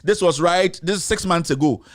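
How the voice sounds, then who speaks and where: A man's voice: high-pitched, normal speed, dry recording, studio quality. A Ghanaian man hosting a live political commentary stream, speaking in an impassioned, repetitive way and switching between English and Twi.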